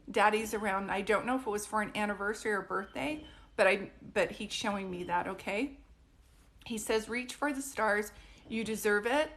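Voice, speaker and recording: A woman speaks in a mid-range voice during a live-stream psychic reading. Her manner is casual and reassuring. She keeps checking in with her listener to ask whether things make sense. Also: medium pitch. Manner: warm, reassuring, frequently checks in with "do you know what I mean?".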